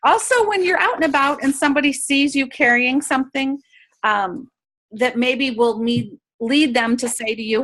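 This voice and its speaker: A woman's voice: sits high, normal speed, a bit bright. A woman giving an upbeat sales training talk over a video call, coaching her listeners and acting out sample conversations. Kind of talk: training talk to direct sellers.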